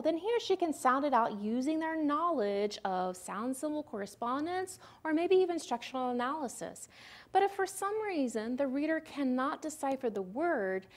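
A woman giving a recorded lecture on phonics, explaining step by step in a patient, teacherly way and sounding out words as she goes. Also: high voice. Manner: models the sounds aloud. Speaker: literacy presenter.

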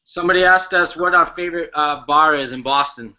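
Bright-voiced man reading fan questions. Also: fairly high pitch, fairly quick, low-quality recording. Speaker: cast member reading questions. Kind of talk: casual group chat.

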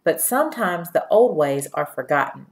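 A woman voicing a warm, proud elderly grandmother who speaks in a folksy dialect with slow, emphatic phrasing. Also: low-pitched, animated.

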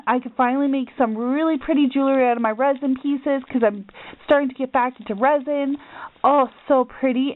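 Gushing high-voiced young woman, tinny audio. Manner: gushing, excitable, gasps often. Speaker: crafting vlogger. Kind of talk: package opening vlog.

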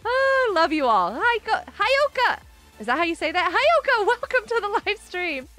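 Bubbly high-voiced woman streamer. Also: very animated, moderate pace, pushed and bright. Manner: bubbly, giggly, reads chat aloud. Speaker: live streamer. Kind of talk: casual live-stream chat. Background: faint music.

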